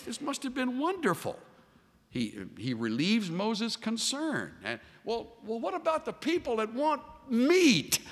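A man preaching a sermon as a pastor, animated and voicing the figures he quotes. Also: fairly high pitch. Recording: long hall reverb.

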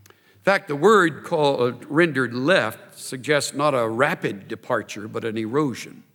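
A man preaching a sermon in an animated, emphatic way, building intensity as he explains a scripture passage. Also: mid-range voice, a little slow. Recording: reverberant hall.

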